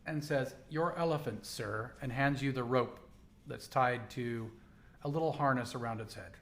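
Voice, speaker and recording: A man running a tabletop role-playing game, narrating calmly with frequent ums. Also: medium pitch, normal speed. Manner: relaxed, hesitant narration with ums. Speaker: game master.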